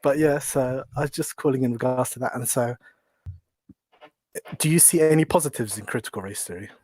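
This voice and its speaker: A man's voice: mid-range voice, a little fast, darkish tone. A man from London with a London British accent, calling in to a show and talking politely but hesitantly, often restarting his sentences. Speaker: caller. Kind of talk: phone-in call.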